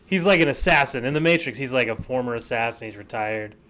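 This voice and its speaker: A man's voice: medium pitch, fast talker, fairly bright tone. A man co-hosting a podcast in casual chat, joking and rambling through half-remembered stories. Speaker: podcast co-host.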